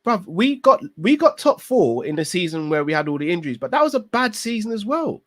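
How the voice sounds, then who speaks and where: A man's voice: high voice, big pitch swings, fairly quick. A man arguing bluntly and insistently in a casual fan call-in debate. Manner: blunt, insistent, repeats "bruv". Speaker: pundit in a fan call-in show.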